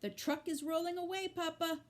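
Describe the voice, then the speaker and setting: A woman reading aloud and voicing an anxious young girl who speaks in a high, urgent way. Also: fairly even intonation, normal speed. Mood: alarmed.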